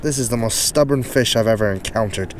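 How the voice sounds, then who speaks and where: A man's voice: fairly low pitch, brisk, slight background noise. A man vlogging from a kayak on the ocean, chatting casually while he fishes, coaxing and scolding his catch with frequent exclamations, recorded on a camera-mounted mic. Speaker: fishing vlogger. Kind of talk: casual play-by-play while fishing. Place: on a kayak on the open ocean, outdoors. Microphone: camera-mounted external mic.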